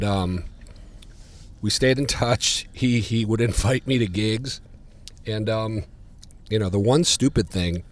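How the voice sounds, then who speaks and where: A man, a podcast guest telling stories in casual chat, getting louder and higher as he relives them. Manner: animated, gets louder and higher when retelling. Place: diner.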